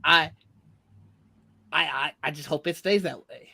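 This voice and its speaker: A man chatting casually on a podcast, recorded dry and close. His voice is bright and mid-pitched. He talks in a relaxed, rambling way. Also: a little slow, vocal fry, breathy edge, no room sound. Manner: relaxed, rambling, repeats himself. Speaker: podcast co-host. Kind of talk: casual chat.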